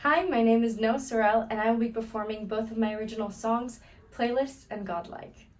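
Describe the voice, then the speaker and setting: A woman's voice: on the high side, brisk, distant mic. A woman from Israel, a singer-songwriter, briefly introducing herself and her songs in a plain, friendly way. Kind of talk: short spoken introduction. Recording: voice from off the mic.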